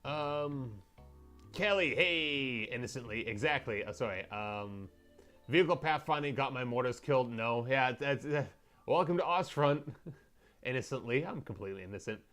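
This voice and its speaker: A man's voice: mid-range voice, moderate pace, fairly bright tone, faint music behind. A young man livestreaming as he paints miniatures, rambling and joking with his chat.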